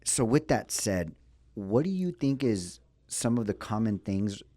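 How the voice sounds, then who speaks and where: A man's voice: lowish voice, warm tone, no room sound. A man interviewing a business owner, asking thoughtful questions and hurrying through asides.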